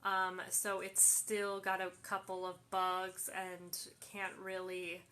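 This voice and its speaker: A woman's voice: fairly low pitch, completely flat delivery, slow pace, pushed and bright. A woman hosting a casual live Q&A, reading viewer questions aloud and answering them with plenty of fillers. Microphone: phone livestream.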